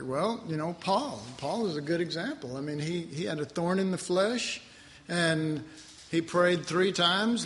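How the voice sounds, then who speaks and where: A man giving a relaxed, conversational sermon, folksy and warm with chuckles, acting out the voices of the story's figures. His voice sits a little high for a man, and a long reverb trails his words through a large hall. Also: normal speed. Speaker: pastor.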